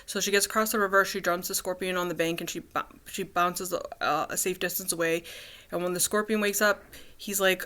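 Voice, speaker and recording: Rambling woman vlogger, bright voice. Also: lowish voice, fairly even intonation, normal speed, smooth. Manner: rambling, many fillers and restarts. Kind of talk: casual personal vlog.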